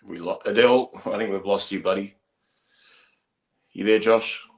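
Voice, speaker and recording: A man's voice: fairly low pitch, normal speed. Easygoing Australian male podcast host. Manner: easygoing, conversational questioning. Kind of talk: casual podcast chat. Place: pub venue.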